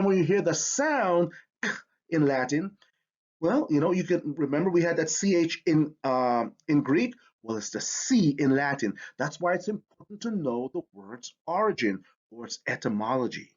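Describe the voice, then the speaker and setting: Husky guy teaching spelling, big swoopy pitch, dull lo-fi audio. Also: moderate pace. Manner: energetic, emphatic, stretches out words to sound them. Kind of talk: classroom spelling lesson. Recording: dull lo-fi sound.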